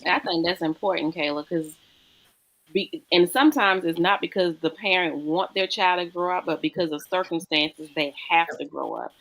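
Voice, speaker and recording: Woman host with a low, deep voice, steady and measured in conversation. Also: rough recording. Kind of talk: casual chat.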